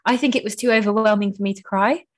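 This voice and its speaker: A young woman, a fast talker with a medium-pitched voice, hosts a podcast. Her casual chatter is emotional and gushing, heavy on the word "like."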